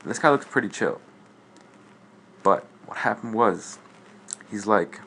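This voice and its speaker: A man's voice: on the low side, measured pace, pauses often, sharp tone, a little hiss or hum. A teenage boy telling a rambling story in a casual gaming vlog, full of fillers, acting out both sides of a conversation. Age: teens. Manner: rambling, filler-heavy, acts out dialogue. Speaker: gaming YouTuber.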